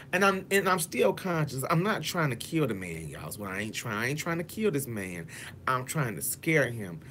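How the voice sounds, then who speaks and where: Over slight background noise, a man with a high-ish, somewhat bright voice tells a dramatic story to his viewers, swearing freely and saying "y'all." He acts out what each person said, shifting voices for the quotes, in this animated storytime vlog.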